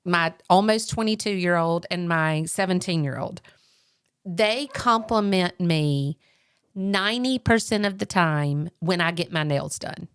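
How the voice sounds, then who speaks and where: A woman, co-hosting a casual marriage podcast, telling stories animatedly and acting out quotes in a high voice. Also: measured pace, clean tone, no echo. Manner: animated storyteller, acts out quotes in a high voice, laughs often. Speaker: podcast co-host.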